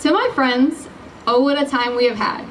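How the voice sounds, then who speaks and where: A woman's voice: high voice, normal speed, fairly bright tone, distant mic, slight background noise, rough recording. A teenage girl, the class president, giving her graduation speech, bubbly and giggly, apologizing when she loses her place. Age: late teens. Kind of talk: commencement speech.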